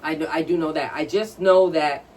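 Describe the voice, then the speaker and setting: A woman with a low, steady, darkish voice speaks at normal speed while co-hosting a podcast. She tells stories in a blunt, profane, ranting casual chat, recorded from a distance from the mic.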